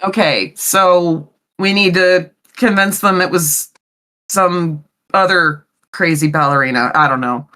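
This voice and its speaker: A woman's voice: fairly low pitch, a little slow, sharp tone. A woman playing a tabletop role-playing game, talking casually and bluntly in and out of character. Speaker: player.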